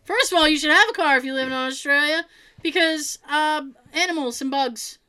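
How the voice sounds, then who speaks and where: A woman's voice: sits high, moderate pace. A middle-aged woman co-hosting a casual chat, telling stories and acting out quotes with a laugh. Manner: animated storyteller, acts out quotes, laughs often. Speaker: podcast co-host.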